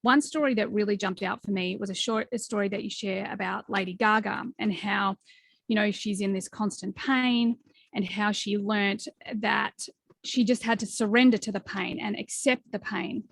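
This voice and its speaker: A woman's voice: mid-range voice, fairly even intonation, normal speed, creaky, dry recording. A woman in her forties hosting a podcast interview, talking in an earnest, reflective way with plenty of fillers. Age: 40s. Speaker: podcast host. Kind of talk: conversational interview.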